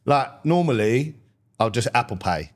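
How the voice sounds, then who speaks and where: A man's voice: mid-range voice, animated, a little slow. A young man, hosting a casual comedy podcast and telling everyday stories in a laid-back way, full of slang. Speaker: podcast host.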